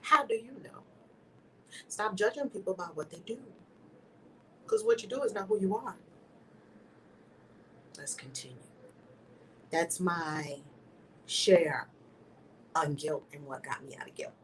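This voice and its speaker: Woman preaching hard to camera, loud then whispery, mic kinda far off. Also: on the low side, measured pace, pauses often. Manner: emphatic, preaching cadence, swings from loud exclamations to hushed whispers. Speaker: host of a spiritual video channel. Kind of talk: impassioned spiritual teaching to camera. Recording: somewhat distant mic with faint background noise.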